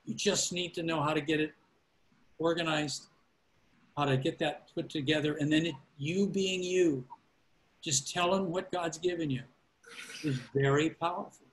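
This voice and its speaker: A man's voice: a little high, fairly even intonation, moderate pace, pauses often, a little hiss or hum, poor audio. A man, a pastor, teaching a class on preaching over a call, giving earnest fatherly counsel and often restarting his sentences. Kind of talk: informal teaching on a video call.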